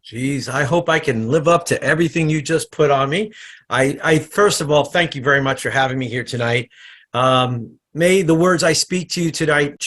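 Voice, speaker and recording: Energetic man presenting on a call. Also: fairly high pitch. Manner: energetic, conversational, repeats words and restarts. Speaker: chiropractor giving product training. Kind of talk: casual presentation on a video call. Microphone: computer microphone on an online call.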